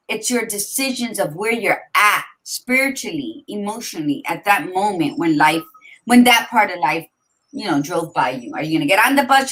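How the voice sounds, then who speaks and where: A woman's voice: lowish voice, fairly bright tone, low-quality recording. Encouraging woman co-hosting a podcast. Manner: encouraging, talks straight to the listener. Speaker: podcast co-host. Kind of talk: casual chat.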